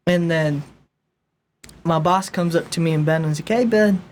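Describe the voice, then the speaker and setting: A man's voice: fairly high pitch, moderate pace, a little hiss or hum. A young man co-hosting a faith podcast, chatting casually and acting out what his coworkers and boss said. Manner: animated storyteller, acts out coworkers' lines. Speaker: podcast co-host. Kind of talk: casual chat.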